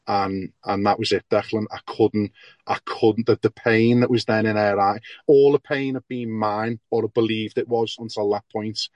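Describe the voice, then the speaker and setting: A man on a video call speaks at a recovery meeting in an emotional, halting way, stumbling and repeating words. His pitch barely moves and the sound is dry and close. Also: flat delivery, darkish tone, dry recording. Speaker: meeting member sharing.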